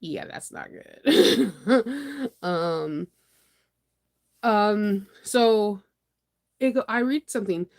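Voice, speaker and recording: A woman from the US hosting a sewing channel, chatting casually on a morning live stream in a rambling, animated way, laughing often and breaking into dramatic outbursts. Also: mid-range voice, extremely slow, pauses often.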